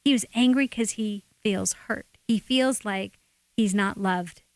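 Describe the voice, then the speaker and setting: A woman guest sharing a personal faith testimony in a lively, expressive storytelling manner. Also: medium pitch, unhurried, no room sound. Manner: animated, acts out quotes.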